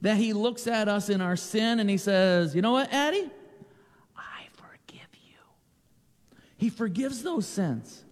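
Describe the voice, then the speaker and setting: A man giving a playful children's sermon with a naturally loud voice, asking the kids questions and joking with them. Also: high-pitched, animated, moderate pace, few pauses, long reverb tail. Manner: playful, asks children questions, repeats jokes.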